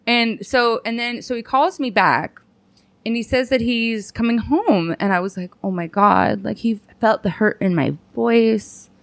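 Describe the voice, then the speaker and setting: A young adult woman, a comedian appearing as a podcast guest, tells a story in casual chat, swearing a lot and mocking herself. Her voice is a little high and a little slow with vocal fry, and the recording is dry. She tells it animatedly, acting out quotes and laughing.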